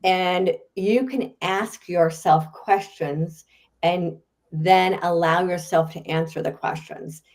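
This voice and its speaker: A guest author and speaker answers questions in a podcast interview, chatty, animated and laughing often. Her voice is on the low side and she takes her time.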